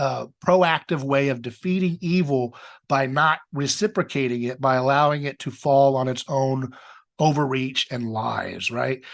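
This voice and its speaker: A man hosting a talk podcast, his voice sitting a little high. He talks through ideas in an animated, lively way, often slipping into voices for the people he quotes and laughing along the way. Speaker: podcast host. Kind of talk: animated theological discussion.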